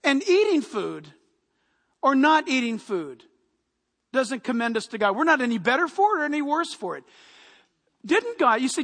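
A male pastor preaching a sermon to his congregation in a church hall, animated and conversational, speaking to them directly. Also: very high voice, normal speed. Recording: echoey hall reverb.

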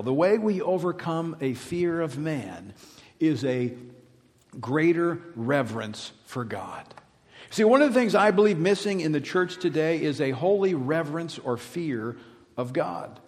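Pastor preaching in a reverberant hall. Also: male voice, fairly high pitch, animated, measured pace. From Louisiana, USA. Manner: emphatic preaching, swinging from loud to hushed. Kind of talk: sermon.

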